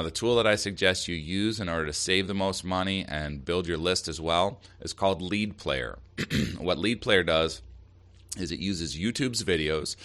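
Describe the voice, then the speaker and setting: A man's voice: deep voice, a bit bright. A man hosting a solo marketing podcast, giving upbeat, direct advice with emphasis. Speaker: podcast host.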